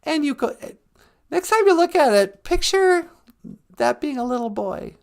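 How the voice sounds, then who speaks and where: Squeaky giggling trickster spirit. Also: male voice, big pitch swings, unhurried, creaky, heavily acted. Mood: teasing. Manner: giddy, giggling, teasing. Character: giggly high-voiced trickster spirit sidekick. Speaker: co-host character.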